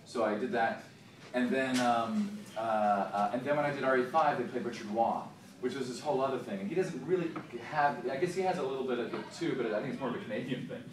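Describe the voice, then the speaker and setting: A man's voice: mid-range voice, fast talker. A man, a voice actor, answering fan questions at a convention panel in a chatty, joking way, laughing often and swearing casually. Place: large convention hall. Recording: echoey hall, distant mic, noisy. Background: hall ambience.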